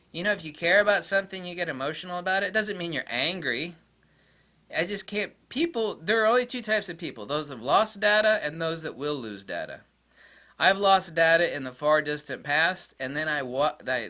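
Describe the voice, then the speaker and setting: A man rants straight to camera with blunt, exasperated energy. His fairly high voice swings widely in pitch and stays bright and forceful throughout. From United States. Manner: mocks critics in high squeaky voices. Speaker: tech vlogger. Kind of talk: casual rant to camera.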